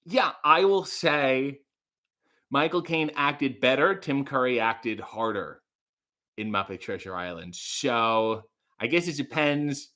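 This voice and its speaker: A man's voice: mid-range voice, slow pace, pushed and bright. A man in his thirties hosting a casual livestream, chattily reading out viewer comments and reacting to them. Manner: chatty, reads comments aloud, sings lyrics in a mock voice. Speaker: host.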